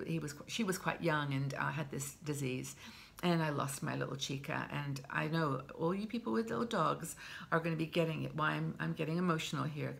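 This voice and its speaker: In a low, creaky, fairly bright voice, a woman in her sixties vlogs casual, heartfelt advice to the camera. She's chatty and open, frequently starting over mid-phrase.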